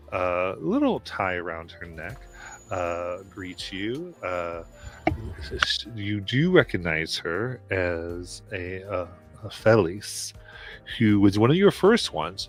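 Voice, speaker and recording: A man with a low voice narrates a tabletop game as its game master. He pauses often and fills the gaps with filler sounds. Faint music plays under him. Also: sing-song. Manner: halting, many filler sounds.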